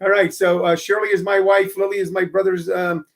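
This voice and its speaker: A man's voice: sits high, little pitch movement, fairly quick, gravelly. An older man hosting a live-streamed show, chatting casually and rambling with many fillers.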